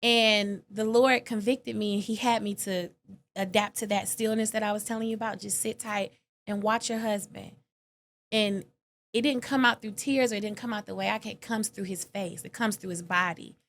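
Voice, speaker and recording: A woman guest talking openly in an interview, animated and emotional, with casual slang and quoted lines that leap up in pitch. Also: moderate pace. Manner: animated, expressive, acts out quoted lines with sudden high pitch. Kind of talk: candid conversational interview.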